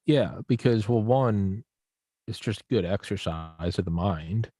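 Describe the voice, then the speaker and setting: Taking it slowly, a man with a fairly low voice appears as a guest on a podcast, with no room sound audible. In casual conversation he rambles, swears freely and acts out examples animatedly.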